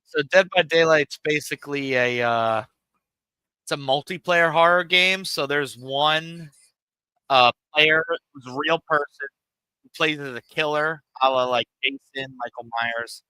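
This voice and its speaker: A man's voice: fairly high pitch, a little slow, pushed and bright, clean tone, no room sound, low-quality recording. A man streaming a game and chatting casually, rambling and swearing in a laid-back way on a cheap home mic. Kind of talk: casual stream chat while gaming. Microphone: cheap home microphone.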